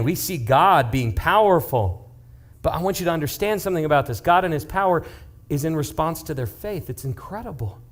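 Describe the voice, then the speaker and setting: A young man, a youth pastor, preaching in a casual, animated way, retelling a story and dropping into hushed asides. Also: medium pitch. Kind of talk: youth-group sermon storytelling.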